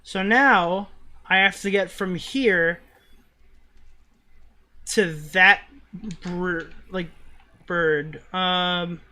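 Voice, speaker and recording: A man's voice: high voice, steady tone, very slow, long pauses, pushed and bright. A man with a New York accent streaming a game live, chatting casually with viewers and swearing in frustrated outbursts at his gameplay. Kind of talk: live gaming stream chat.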